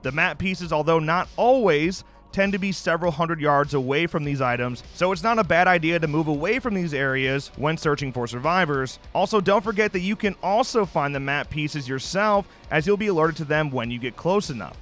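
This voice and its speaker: A man's voice: a little high, expressive, brisk, few pauses, fairly bright tone. A man hosting a gaming channel, giving gameplay tips in a casual, joking, conversational way. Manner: casual, joking, conversational with lots of "you know".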